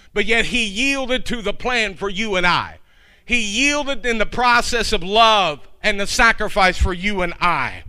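A man's voice: high-pitched, bright, forceful tone. A middle-aged man preaching a sermon, driving his points home with emphatic, repeated phrases.

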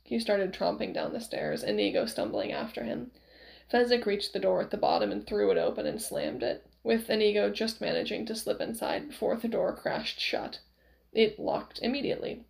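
A woman reading a novel aloud with expressive storytelling. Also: medium pitch, moderate pace, vocal fry, rough recording. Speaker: reader.

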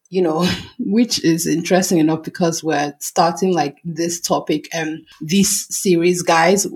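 A woman's voice: lowish voice, slightly rough. A woman hosting a casual podcast chat with friends, talking in an affected accent and rambling with plenty of fillers. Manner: talks in an affected accent for the episode. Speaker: podcast host.

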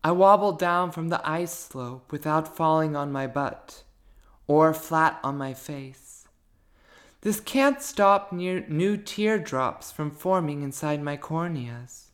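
A woman's voice: deep voice, lively intonation, slow. A woman author talking about her writing and then reading her own prose aloud, thoughtful and searching for words.

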